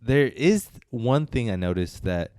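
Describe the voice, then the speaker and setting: A man's voice: medium pitch, animated, measured pace, darkish tone, clean tone, dry recording. A man co-hosting a casual film review chat, rambling and hesitant with many fillers and restarts. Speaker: podcast co-host reviewing films.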